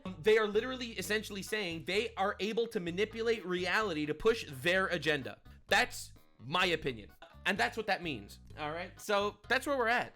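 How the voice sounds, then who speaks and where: A man's voice: high-pitched, lively intonation, normal speed, pushed and bright, faint music behind. A man hosting a commentary show, ranting emphatically and tagging his points with "all right?". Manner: emphatic, preachy, keeps adding "all right?". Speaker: commentary host. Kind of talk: reaction commentary rant.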